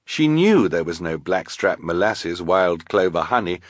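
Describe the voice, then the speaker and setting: A man reads a storybook aloud with a wry, expressive delivery and a lowish voice. His pitch moves in a lively, animated way, and the recording is close and dry. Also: unhurried, no echo. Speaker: audiobook narrator. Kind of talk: scripted narration.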